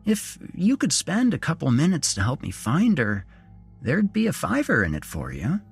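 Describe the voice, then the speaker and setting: A man's voice: a little high, wildly swooping pitch, moderate pace, creaky, slightly rough, soft background music, pitched above the performer's own voice, exaggerated voice. A man voicing a cheerful, creepy grown man who swings from jolly chatter to a hissing whisper. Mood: falsely jolly. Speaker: storyteller. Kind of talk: horror story narration.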